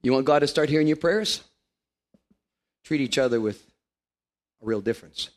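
A man in his fifties preaching a lively, joking sermon to a congregation in a church. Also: mid-range voice, normal speed. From Canada. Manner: animated, joking, playful put-on voices.

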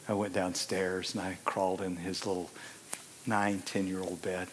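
A man in his sixties preaching a sermon, swinging from hushed asides to loud, emphatic exclamations. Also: low-pitched, steady tone, measured pace, long pauses, slight background noise.

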